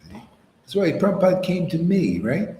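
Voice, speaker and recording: A man giving an informal sermon as a spiritual teacher, animated and argumentative, mocking opponents in put-on voices. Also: high voice, brisk, roomy sound, a little hiss or hum.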